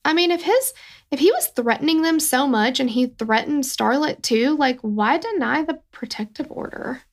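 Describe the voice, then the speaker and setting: Gravelly chatty woman podcast co-host. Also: sits high, lively intonation, moderate pace. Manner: chatty, rambling, many fillers. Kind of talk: casual true-crime podcast chat.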